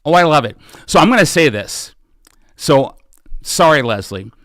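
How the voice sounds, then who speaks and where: A man's voice: fairly high pitch, sing-song, normal speed, a bit bright, no echo, clean studio sound. A middle-aged American man hosting a live podcast Q&A, urging his listeners on with fervent, repeated calls to action. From United States. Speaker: podcast host and political candidate. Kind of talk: live podcast Q&A, rallying appeal.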